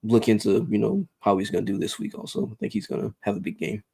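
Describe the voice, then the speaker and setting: A man co-hosting a sports podcast, giving measured analysis with lots of ums and you-knows. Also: on the low side, very animated, gravelly, warm tone, breathy edge, no room sound. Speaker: podcast co-host.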